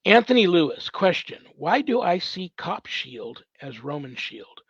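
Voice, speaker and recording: Husky, rambling priest on a livestream. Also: male voice, high-pitched, sing-song, a little slow, a bit bright, no room sound, lo-fi sound. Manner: rambling, filler-heavy, thinking aloud. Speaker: priest hosting a paranormal ministry show. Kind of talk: casual livestream Q&A. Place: at home.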